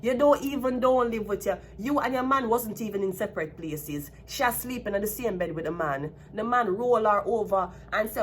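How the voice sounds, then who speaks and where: Jamaican woman, tarot reader, blunt heated rant, medium pitch, faint hiss in background. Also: animated, normal speed, few pauses. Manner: heated ranting, blunt and profane. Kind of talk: casual tarot reading vlog.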